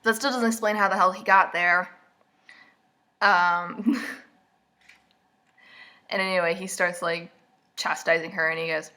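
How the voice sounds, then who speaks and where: A woman's voice: on the low side, normal speed, long pauses, sharp tone. A woman recapping a book in a casual, rambling way, full of snarky, mocking asides. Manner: casual and rambling, with many fillers. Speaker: vlogger.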